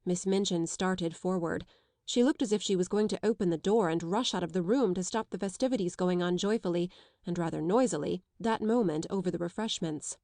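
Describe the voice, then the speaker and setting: Woman narrator, audiobook reading, measured and even, dry close sound. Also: fairly low pitch, no room sound. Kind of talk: scripted narration.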